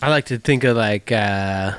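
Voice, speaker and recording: A man's voice: on the low side, fairly bright tone, clean tone. A man co-hosting a casual podcast, swearing freely and drifting off on tangents. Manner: profane, rambling, jokey. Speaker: podcast co-host. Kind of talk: casual chat.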